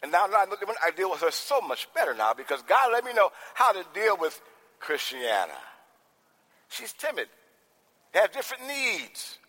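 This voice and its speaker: A man preaching a sermon as pastor, swinging from soft talk to shouting. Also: high-pitched, big pitch swings, normal speed. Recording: long hall reverb.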